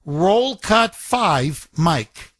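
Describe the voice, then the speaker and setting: A man hosting a talk radio show, his voice sitting high for a man and sounding close and dry at the studio mic. He drives a rapid, impassioned monologue and breaks into mocking impressions of the people he criticizes. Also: sing-song, fairly bright tone, no echo.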